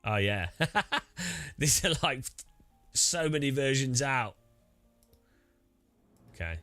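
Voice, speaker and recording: A man's voice: medium pitch, lively intonation, takes it slowly, sharp tone. British guy rambling casually about sim racing gear, lots of restarts, faint music under it. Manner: rambling, many restarts and laughs. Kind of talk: casual chat while setting up gear.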